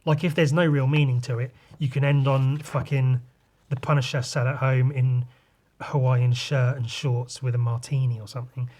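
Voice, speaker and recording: A man's voice: mid-range voice, little pitch movement, normal speed, darkish tone. Rambling, sweary podcast host guy. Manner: loose, sweary and rambling, with sighs and asides. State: voice a bit rough today. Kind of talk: casual comic walkthrough.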